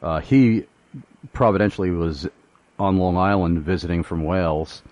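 A man's voice: deep voice, moderate pace, darkish tone, no room sound, muffled recording. A man hosting a radio talk show, telling a personal story with frequent hesitations and chuckles.

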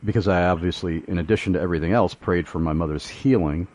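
A man's voice: low-pitched, quick pace, darkish tone, no room sound. A man hosting a radio talk show, telling a personal story with frequent hesitations and chuckles.

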